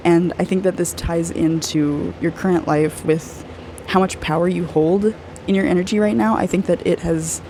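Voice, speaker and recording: An aura reader giving a personal spiritual reading to one client, gushing and effusive, soft and earnest, often saying "like". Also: mid-range voice, a little hiss or hum, rough recording. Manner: gushing and effusive, heavy use of "like".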